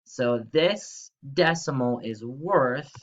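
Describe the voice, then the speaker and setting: A man's voice: medium pitch, animated, takes it slowly, lo-fi sound. A male teacher giving a recorded math lesson, upbeat and coaxing, asking students to repeat after him.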